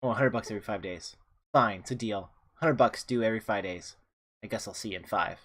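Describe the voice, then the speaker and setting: A man's voice: lowish voice, fast, a bit bright. A man reading as a shifty diner owner. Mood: grudging. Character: male restaurant owner, shifty and defensive.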